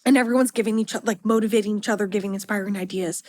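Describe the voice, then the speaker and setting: A young woman in her twenties, hosting a podcast and telling a story in an animated, dramatic way, with quick giggles and playful swearing. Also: mid-range voice. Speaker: podcast host. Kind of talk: storytelling monologue.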